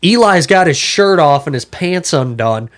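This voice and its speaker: A man's voice: on the high side, normal speed. A young man, a podcast guest, telling wild stories from his younger days in a loose, profane way. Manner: profane, animated storyteller. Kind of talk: casual storytelling.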